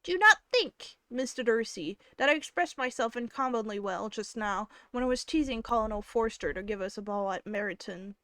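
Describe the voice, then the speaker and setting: A woman reading aloud plays a quick-witted young lady who teases with an arch, spirited edge, her voice pitched high and bright. She drawls her lines in a put-on Southern US accent. The sound is close and dry. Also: dry recording, lightly acted. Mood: teasing.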